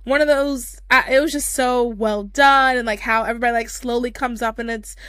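A woman's voice: fairly high pitch, fairly even intonation, brisk, fairly bright tone, clear, resonant tone, dry recording. A young woman co-hosting a podcast, gushing in casual chat with lots of fillers. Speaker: podcast co-host.

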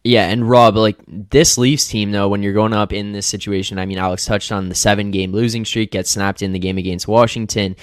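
A fairly low-voiced man co-hosts a sports betting show in relaxed chat. He talks conversationally and keeps passing questions to his co-hosts. The sound is dry and close, with no room around it. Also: a little fast, hardly any pauses, dry recording.

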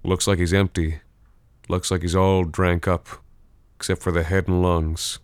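A man's voice: sits low, level tone, a little slow, smooth, no room sound. A man voicing a wounded middle-aged man pinned in a thicket, who speaks weakly and gasps, in a spoken horror story. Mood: weak, grim. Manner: gasping, weak and quiet.

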